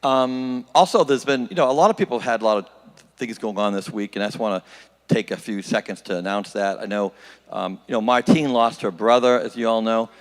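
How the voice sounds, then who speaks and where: A man making casual announcements at a church service. He speaks haltingly, with many fillers. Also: on the low side, long reverb tail. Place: church hall.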